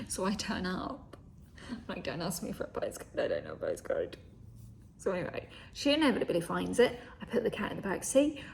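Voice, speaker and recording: A woman's voice: medium pitch, sing-song, fairly quick, creaky, a little mellow, slight background noise. A young woman casually telling a story, swearing freely and acting out what people said, often dropping to a whisper. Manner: chatty, swears, acts out quoted dialogue, often drops to a whisper. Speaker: vlogger.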